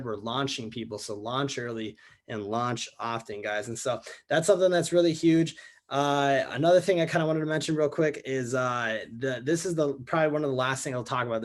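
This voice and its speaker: Young male team leader, energetic motivational training-call delivery, keeps repeating points and calling everyone "guys". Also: mid-range voice. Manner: energetic, repetitive, addresses listeners as guys. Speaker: network marketing team leader.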